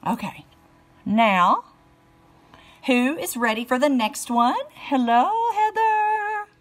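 Swatching lipsticks on a beauty live stream, this middle-aged woman with a Southern American accent greets viewers by name in a casual chat. She takes it slowly, her fairly high voice full of expression.

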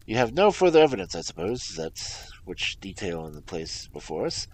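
A man reading aloud, voicing a commanding, impatient male detective with loud, emphatic exclamations. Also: fairly low pitch, big pitch swings, normal speed, slight background noise, rough recording. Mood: brisk. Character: commanding urgent male detective, middle-aged.

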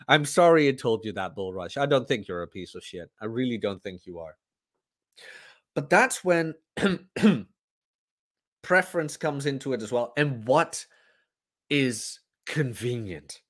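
A man hosting a podcast, ranting bluntly and profanely in a casual livestream. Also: mid-range voice. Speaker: podcast host.

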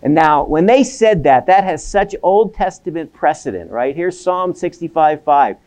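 A man's voice: a little high, expressive, normal speed, a little mellow. A man giving a seminary lecture on the Bible. He asks questions and answers them himself, and keeps checking in with his listeners with "right?".

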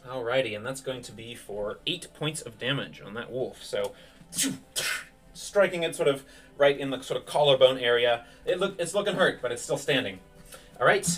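A man narrating as game master of a tabletop game, relaxed and full of fillers. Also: medium pitch, far from the mic.

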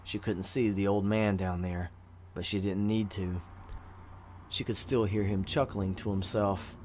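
A man narrating a fantasy story in an even, measured reading voice. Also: on the low side, a little hiss or hum. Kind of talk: audiobook narration of fantasy fiction.

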